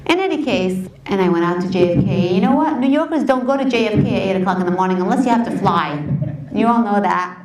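A woman's voice: medium pitch, animated, quick pace, darkish tone, a little hiss or hum. Woman, activist storyteller, heartfelt and conversational; distant mic, echoey room. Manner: impassioned, conversational, emotional. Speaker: community activist and organizer. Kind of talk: personal storytelling talk to an audience.

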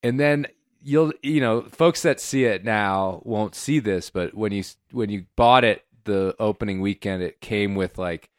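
A man hosting a podcast in casual chat, talking loosely with many fillers and quick laughs. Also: lowish voice, no room sound, clean studio sound. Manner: chatty, laughing, quotes people in put-on voices. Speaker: podcast host.

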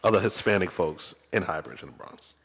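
A man's voice: low-pitched, expressive, brisk, gravelly, breathy edge. A man hosting a casual podcast chat, blunt and joking, with lots of slang. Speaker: podcast host. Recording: long hall reverb.

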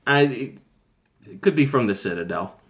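Man, casual chat, thoughtful, pitch moving up and down a lot. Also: lively intonation, measured pace, a bit bright. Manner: thoughtful, lays out options.

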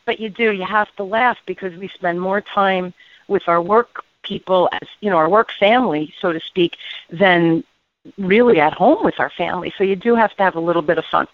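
A woman hosting a radio interview, chatty and quick to laugh, with quick asides. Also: fairly low pitch, dry recording, narrow, tinny audio. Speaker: radio show host.

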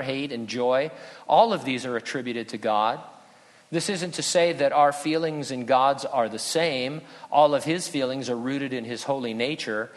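A male pastor preaching an earnest, conversational sermon with touches of humor. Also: mid-range voice. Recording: long reverb in a hall.

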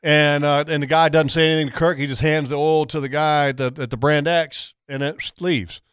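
Smooth-voiced man hosting a talk show. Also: a little high, fairly even intonation, a little fast, a bit bright, no room sound, studio quality. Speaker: radio show host. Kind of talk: casual chat.

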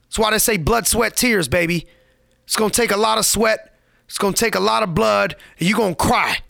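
A man's voice: high voice, a little fast, gravelly, a bit bright, no echo, clean studio sound. A man giving a motivational podcast monologue, preachy and emphatic, repeating lines for effect in casual street slang.

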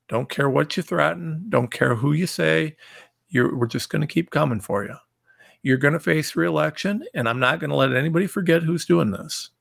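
A man's voice: on the high side, gravelly, a bit bright, dry recording, clean studio sound. A man from Ohio hosting his own show, delivering a combative, repetitive political rant straight to his listeners. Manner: combative, ranting, repeats himself. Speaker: show host. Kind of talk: fiery political monologue.

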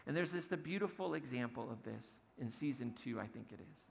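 Gravelly man preaching in a reverberant hall. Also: medium pitch, lively intonation, brisk, slight background noise. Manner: storytelling, acts out quotes with humor. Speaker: pastor. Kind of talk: conversational sermon.

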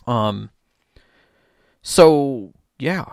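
Brief: gravelly-voiced male game master, co-hosting a chat show, dry close sound. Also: mid-range voice, very slow, no echo. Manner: storytelling, animated retelling. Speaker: game master, podcast co-host. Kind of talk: casual podcast chat.

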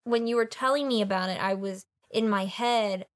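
A woman co-hosting a casual book discussion, chatty and quick, filling her talk with "like" and "yeah". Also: mid-range voice, dry recording, clean studio sound.

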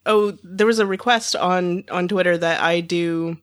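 A woman's voice: on the low side, steady tone, a little slow, dry recording, studio quality. A woman co-hosting a podcast, bantering playfully in casual chat. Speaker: podcast co-host.

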